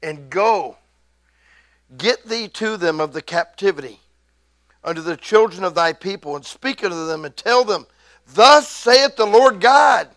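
A middle-aged man preaching a sermon, excitable, swinging from hushed asides to loud, drawn-out scripture readings. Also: a little high, no room sound.

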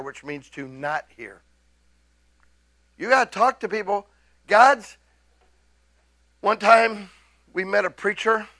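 A middle-aged man preaching a sermon, excitable, swinging from hushed asides to loud, drawn-out scripture readings. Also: high-pitched, no echo.

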